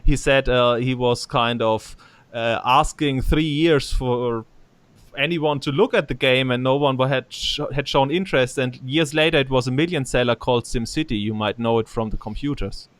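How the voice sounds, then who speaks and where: A German-accented man hosts an interview over a video call in a smooth, clear voice. The sound is dry and close. He builds long questions, restarting and rephrasing as he goes. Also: mid-range voice, normal speed, dry recording. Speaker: podcast host.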